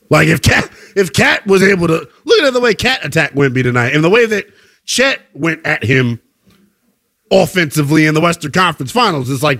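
Male co-host, high voice with big swings, opinionated and playful. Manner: animated, opinionated, playful asides. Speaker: sports show co-host. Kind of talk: casual sports debate.

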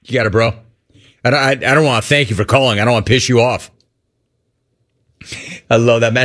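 A middle-aged man hosting a call-in radio show, ranting with animated energy and mocking cheerful greetings in a high voice. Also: fairly quick, pauses often. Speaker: sports radio host.

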